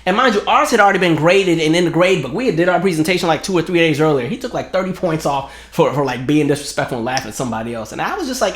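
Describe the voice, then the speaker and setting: A man's voice: a little high, fast, echoey room, slight background noise. A young man with hosting a casual commentary monologue, telling stories and mocking the other side in a raised voice. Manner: animated storytelling, mocks opponents in raised voice. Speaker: commentary channel host.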